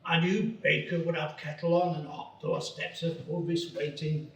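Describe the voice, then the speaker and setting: A man voicing a gruff old northern English male narrator with homely, nostalgic storytelling, recorded in a roomy space from some distance. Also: a little high, little pitch movement, normal speed, close to an everyday voice. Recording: roomy, far from the mic.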